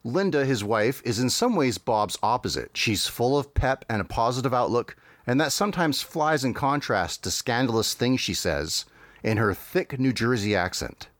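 A man's voice: medium pitch, lively intonation, moderate pace, fairly bright tone, dry recording. A man hosting a podcast, recapping a cartoon episode in a dry, wry way with frequent hesitations. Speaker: podcast host.

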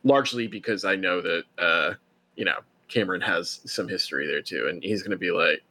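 A man playing a tabletop role-playing game, talking in a halting way and dropping to a hush when voicing his character. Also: low-pitched. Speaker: player. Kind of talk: tabletop role-play chat.

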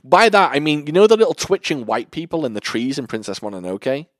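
Young man, casual film chat, animated intonation, rambling, swears, dry sound. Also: fairly high pitch, fairly quick, no echo. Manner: rambling, swearing, laughing often. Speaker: podcast co-host.

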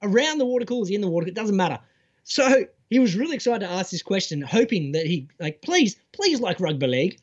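Animated Australian man, high lively voice. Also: quick pace, muffled recording. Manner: sweary, mocking, animated storytelling. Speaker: podcast co-host. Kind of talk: casual podcast chat.

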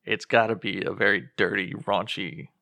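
A man with a gravelly, fry-laden voice sits low in his register as he rambles through a relaxed podcast discussion of a film. He acts out characters' lines as he goes. The sound is dry and close, with no room around him. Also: normal speed, no room sound. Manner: rambling, acts out quotes with a laugh. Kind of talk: casual movie discussion.

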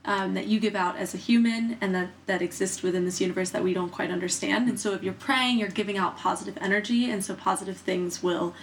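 A woman's voice: medium pitch, steady tone, fast talker, few pauses, a little hiss or hum. A woman talking in a casual group discussion, chatty and explanatory, laughing easily.

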